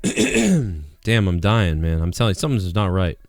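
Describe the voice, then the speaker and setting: A man's voice: low voice, sing-song, normal speed, no echo, studio quality. A man hosting a live call-in stream in casual, rambling chat, laughing often and repeating himself. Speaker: host of a live call-in show.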